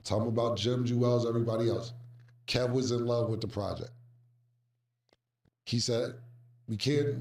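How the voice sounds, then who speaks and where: A man telling a casual anecdote, animated and profane, acting out the voices of the people he quotes. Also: mid-range voice. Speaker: storyteller recounting music business past. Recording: roomy, distant mic.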